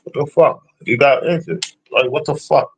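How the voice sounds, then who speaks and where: A man's voice: fairly high pitch, moderate pace, vocal fry, a little hiss or hum. A man ranting casually about football predictions, blunt and profane as he answers his chat. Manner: profane, blunt, trash-talking. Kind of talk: casual sports rant.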